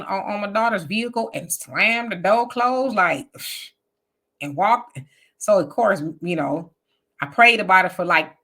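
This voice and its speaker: A middle-aged woman with a Southern US accent from Houston, hosting a casual political commentary and telling stories in an animated, colloquial, heated way. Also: a little high. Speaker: host.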